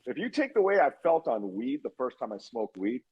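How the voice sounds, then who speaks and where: A man in his 50s talks briskly at medium pitch, his voice slightly rough on a muffled recording. He's telling a story as a podcast guest, animated, performing the quoted lines, with lots of swearing.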